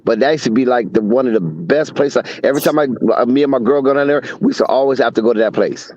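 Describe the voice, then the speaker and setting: A man's voice: medium pitch, fast, a little mellow. A man in casual chat, telling laid-back stories with trailing asides. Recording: dull dry lo-fi sound.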